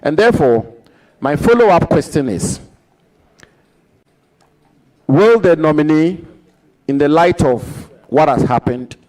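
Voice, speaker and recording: Deliberate man questioning a nominee. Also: on the high side, sing-song, darkish tone, rough recording. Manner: deliberate, quotes the record and repeats points for emphasis. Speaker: committee member questioning a nominee. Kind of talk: formal parliamentary questioning.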